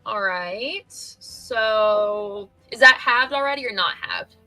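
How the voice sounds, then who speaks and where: Slow-talking woman player, bright voice. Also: on the high side, sing-song, gravelly, soft background music, rough recording. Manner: hesitant, filler-heavy. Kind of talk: casual tabletop play.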